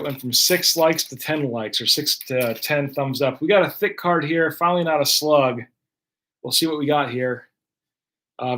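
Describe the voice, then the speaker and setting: A man's voice: a little high, a bit bright. A man hosting a live card break, chatting casually as he runs through each card pulled. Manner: chatty, running play-by-play of cards. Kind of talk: casual live-stream commentary.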